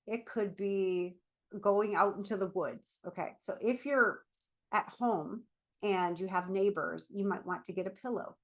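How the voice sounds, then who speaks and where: A middle-aged woman therapist giving a casual, animated talk while standing up. She fills her speech with "like" and "right?". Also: mid-range voice. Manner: chatty, animated, with frequent "like" and "right?"; speaking while standing and moving about. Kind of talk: casual explanatory vlog talk.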